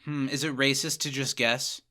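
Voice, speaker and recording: A man co-hosting a podcast in casual chat, playful, dropping low for asides. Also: fairly even intonation, normal speed, bright, forceful tone. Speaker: podcast co-host.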